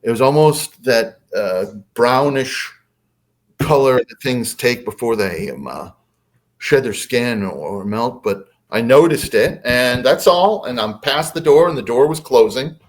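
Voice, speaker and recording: A man's voice: medium pitch, animated, a little slow. A man who is a podcast guest, telling a story casually and hesitantly, with many fillers.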